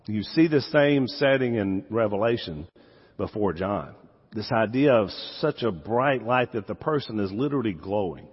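Animated Southern preacher in a reverberant hall. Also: male voice, lowish voice, slightly rough. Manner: animated, swings from loud emphasis to quiet asides. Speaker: pastor. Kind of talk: sermon. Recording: dull sound with long hall reverb.

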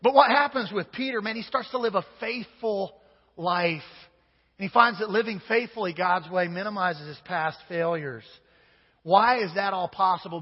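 Male pastor, high husky voice, chatty sermon delivery; dull recording with a long church echo. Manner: conversational, addresses the congregation directly with playful asides.

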